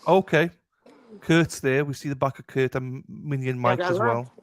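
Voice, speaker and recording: A man's voice: medium pitch, normal speed. A man co-hosting a live stream, bantering in a friendly, jokey way with guests and chat.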